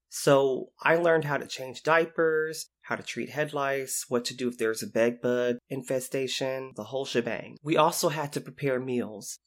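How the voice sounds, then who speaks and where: A man telling lively stories about his time as a youth intervention specialist, acting out the voices of the people in them. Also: medium pitch. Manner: animated, acts out quoted voices. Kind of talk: storytelling anecdote.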